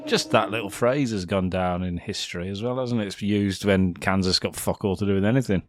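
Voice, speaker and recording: A man's voice: low voice, a little fast, over loud music. A man co-hosting a podcast, bantering with frequent laughs, swearing and jokey asides. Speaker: podcast co-host. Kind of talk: casual film recap chat.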